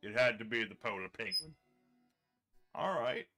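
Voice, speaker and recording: During a casual livestream, a chatty man narrates each move of a card game in a bright, forceful, fairly low-pitched voice that's animated and normally paced. He reads and responds to his chat as he plays, while faint music plays underneath.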